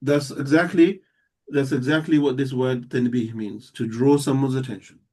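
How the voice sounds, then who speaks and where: A man's voice: mid-range voice, steady tone, moderate pace, darkish tone. A man teaching a live Arabic class, explaining step by step and checking that students follow. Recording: voice somewhat distant from the mic.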